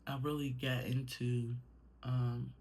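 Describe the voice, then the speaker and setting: A woman's voice: rumbling low, little pitch movement, takes it slowly, darkish tone, a little hiss or hum. A young adult woman talking casually in a personal vlog, meandering with many fillers and swearing when worked up. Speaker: vlogger.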